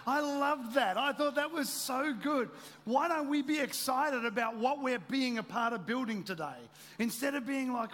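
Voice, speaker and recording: A man's voice: very high-pitched, a little fast, fairly bright tone. A man preaching a sermon with energy, firing rhetorical questions at his congregation. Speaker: pastor. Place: church hall. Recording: long reverb of a large hall.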